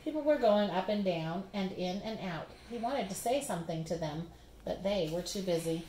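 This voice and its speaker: A woman reading a children's picture book aloud with expressive storybook narration, recorded in a roomy space. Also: medium pitch, normal speed, slight background noise.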